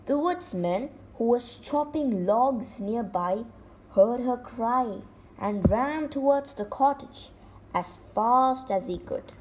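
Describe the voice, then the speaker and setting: Slow gentle woman storyteller. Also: fairly high pitch, lively intonation, a little hiss or hum, low-quality recording. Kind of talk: children's story narration.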